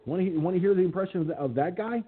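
Man, radio talk host, casual rambling chat, husky, tinny phone-line sound. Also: high voice, very fast. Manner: rambling, with frequent fillers.

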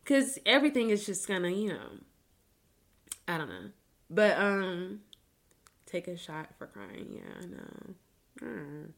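A woman's voice: fairly low pitch, sing-song, slow pace, gravelly, long pauses. A woman hosting a podcast in a casual chat, speaking in a candid, emotional way with plenty of swearing. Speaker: podcast host.

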